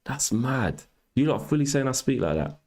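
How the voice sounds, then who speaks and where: A man's voice: mid-range voice, sing-song, moderate pace, gravelly, darkish tone. A young man hosting a casual livestream, reading viewer comments aloud and bantering with mock exasperation. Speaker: livestream host.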